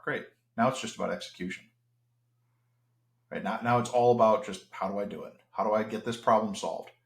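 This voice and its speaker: A man's voice: on the low side, reverberant. A man as an interview guest, talking in an earnest, reflective way with frequent restarts. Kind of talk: casual podcast conversation.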